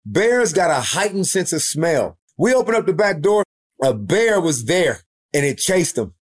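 A man, a basketball coach and former pro player, telling lively stories as a podcast guest and acting out the people in them. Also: fairly high pitch, a little slow. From United States. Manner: animated storyteller who acts out the other people in his stories. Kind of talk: lively anecdotal storytelling.

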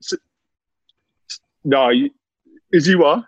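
A man's voice: fairly high pitch, very slow, lo-fi sound, a crowd in the background. A man, a former footballer telling laughing anecdotes in casual chat. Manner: laughing, animated anecdotes with lots of "mate".

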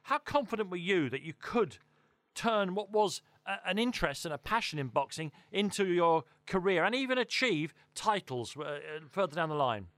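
Interviewer: man, fairly high voice, stumbling long-winded questions, dry close sound. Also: sing-song, a bit bright, no echo. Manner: halting, stumbles and restarts his questions.

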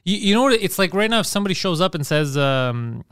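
A man's voice: high-pitched, big pitch swings, quick pace, a bit bright, clean tone, no echo, studio quality. A man hosting a casual podcast chat, blunt and emphatic and swearing freely as he makes his points. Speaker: podcast host.

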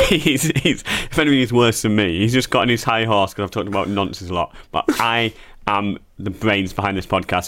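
A man's voice: lowish voice, fairly quick, a bit bright. A man co-hosting a comedy podcast, brash and boastful in casual banter, swearing freely.

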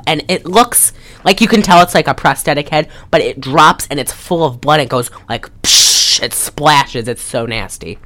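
Woman, very low voice, casual movie recap, rambling, swears a lot. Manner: rambling, profane, lots of fillers.

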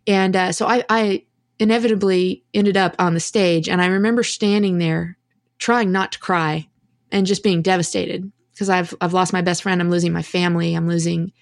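A woman's voice: medium pitch, no room sound. Candid woman telling her story, dry sound. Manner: candid, reflective, with restarts and rueful laughs. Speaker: podcast guest. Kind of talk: conversational storytelling.

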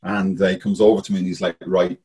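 A man's voice: low-pitched, flat delivery, very fast, warm tone. An Irish man, a former goalkeeper, telling stories as a guest in a casual, rambling way, full of "like, you know.". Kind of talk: casual storytelling.

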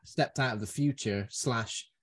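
A man's voice: medium pitch, unhurried, a bit bright. A man hosting a casual film review chat, rambling and joking. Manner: rambling, jokey, does silly voices. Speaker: podcast host.

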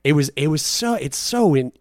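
A man co-hosting a casual podcast chat, who tells rambling stories, goes off on animated tangents and swears freely. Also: a little high, normal speed, dry recording, studio quality. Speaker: podcast co-host.

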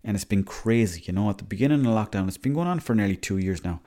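A young Irish man talks through his week on a solo podcast, wandering from story to story and cursing freely. His voice sits a little low and comes across mellow and soft-edged. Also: animated, quick pace. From Ireland. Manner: rambling, chatty, swears freely. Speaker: podcast host. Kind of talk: casual solo podcast monologue.

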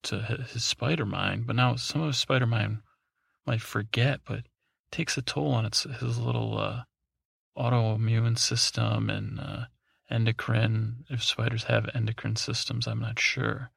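A man's voice: mid-range voice, fairly even intonation, measured pace, gravelly, a bit bright, breathy edge, dry recording, clean studio sound. A man hosting a podcast, telling a meandering, drowsy bedtime story with many fillers and restarts. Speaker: podcast host.

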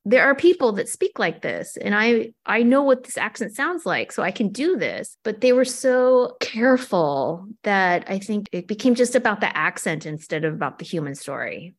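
A middle-aged woman, an actor and cartoonist, talking casually as an interview guest and telling animated stories. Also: mid-range voice, normal speed, few pauses. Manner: animated storytelling with quoted asides.

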